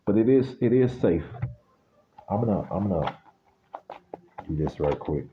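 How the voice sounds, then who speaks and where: A man's voice: low voice, animated, a little slow, muffled recording, a little hiss or hum. A man from the United States giving a casual spiritual reading that turns into a blunt, sweary rant. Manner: blunt, ranting, swears freely.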